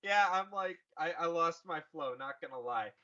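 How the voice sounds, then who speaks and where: Breathless guy ranting and laughing, swears a ton, bright voice, muffled podcast sound. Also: on the high side, animated, normal speed. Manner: profane, giddy, lots of laughing. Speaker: podcast co-host retelling a movie. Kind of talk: rambling comedic recap with funny voices.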